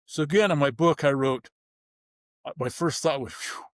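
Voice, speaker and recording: A man's voice: a little high, moderate pace, no room sound. A man telling his story bluntly in an interview, acting out the people he quotes. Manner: vivid, blunt storytelling with acted-out dialogue. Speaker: guest, former pro football player.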